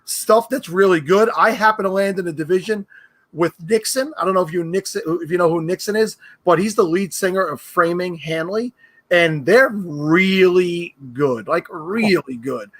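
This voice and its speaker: A man with a New York accent talks in casual, joking podcast chat as a guest. His voice sits a bit high, and he teases the hosts freely. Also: normal speed, fairly bright tone. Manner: joking, teasing, self-promoting.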